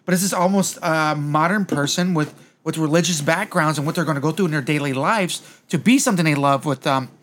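Fast-talking rambling male podcast host. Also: on the high side, fairly bright tone, a little hiss or hum. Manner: rambling, storytelling, with frequent restarts. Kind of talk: casual chat.

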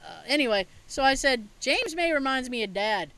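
Animated woman telling a story. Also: sits high, normal speed, a little hiss or hum, rough recording. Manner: animated, swearing, laughs often. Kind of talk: casual storytelling chat.

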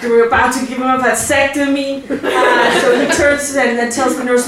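A woman's voice: on the high side, fairly even intonation, moderate pace, hardly any pauses, crowd noise. A woman in her thirties telling a candid, wry personal story before a live audience, laughing now and then. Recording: roomy live-stage sound, mic at a distance.

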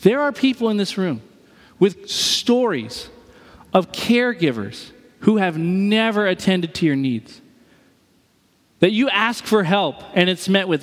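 A man's voice: fairly high pitch, expressive, unhurried, long reverb tail. A man preaching a sermon as pastor, conversational, and he acts out the voices he quotes.

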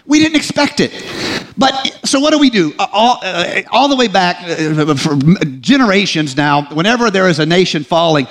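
A man's voice: sits high, animated, moderate pace. A man giving a humorous live talk to an audience, conversational, with joking asides and frequent restarts. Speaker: speaker addressing an audience.

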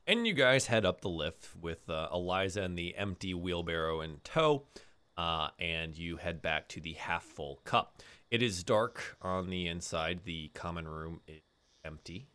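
Low-voiced male game master with a halting delivery, heard through an online call mic. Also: smooth. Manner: relaxed, halting, many fillers. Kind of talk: narrating a tabletop game. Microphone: online call microphone.

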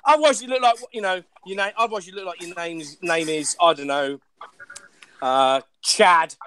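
A man's voice: high voice, normal speed, pushed and bright, smooth. A British man chatting crudely in a casual panel, rambling with many fillers. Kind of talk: casual group banter.

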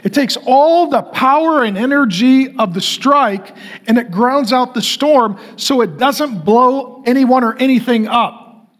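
Pastor, middle-aged man, high voice, blunt and chatty sermon to a room of men. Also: unhurried, fairly bright tone. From North Dakota, US. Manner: direct, conversational, asks the crowd to raise hands.

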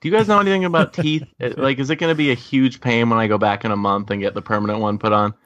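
A man co-hosting a casual podcast, telling an animated, complaining story. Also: mid-range voice, very fast, no room sound. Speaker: podcast co-host.

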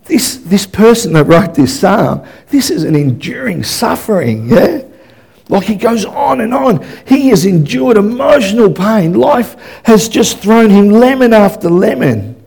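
A male pastor preaching a sermon in a church, swinging between loud, fervent bursts and hushed moments and often repeating words as he restarts a thought. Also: high voice, expressive, measured pace, creaky, breathy edge.

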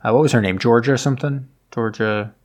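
A man's voice: mid-range voice, fast, darkish tone. A man co-hosting a podcast, casually recapping a film with lots of fillers and offhand paraphrase. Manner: rambling, many fillers, mimics characters in paraphrase. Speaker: podcast co-host. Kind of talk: casual movie recap chat.

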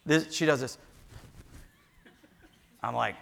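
A man in his sixties telling a funny story in a sermon, animated and jokey, acting out voices. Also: fairly high pitch, moderate pace, heavy background noise. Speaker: pastor.

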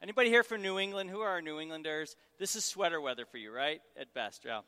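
Animated, fast and smooth, a middle-aged guest preacher from Syracuse, New York, teases the crowd and draws it in with questions in a humorous sermon. His bright, forceful, slightly high voice carries a long reverb from a large hall.

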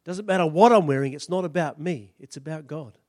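A man preaching who voices a young shepherd speaking with quiet, firm conviction. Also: on the high side, a little fast, no echo, studio quality, voice pushed down, lightly acted. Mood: quietly resolute. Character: calm, faithful young shepherd.

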